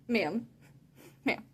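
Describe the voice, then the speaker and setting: A woman telling a story in a casual, animated way, saying "like" a lot and often laughing mid-sentence. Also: a little high, extremely slow, a little hiss or hum. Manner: chatty and animated, heavy use of "like". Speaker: vlogger.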